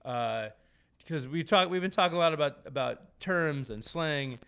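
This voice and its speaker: A man's voice: on the high side, expressive, vocal fry, a bit bright, clear, resonant tone. A man with a New Jersey accent hosting a casual podcast chat, joking and stumbling over restarts. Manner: halting, many restarts, joking. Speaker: podcast host.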